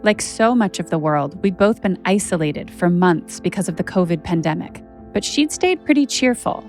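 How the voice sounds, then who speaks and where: A woman's voice: on the low side, lively intonation, moderate pace, darkish tone, soft background music. A woman journalist hosting a podcast, narrating her own story in a candid, conversational way with casual fillers.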